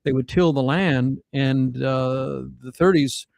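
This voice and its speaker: A man's voice: mid-range voice, slow, creaky, darkish tone, no echo, rough recording. A man from South Dakota telling rambling family anecdotes in a casual podcast chat, full of fillers and restarts. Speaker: podcast guest.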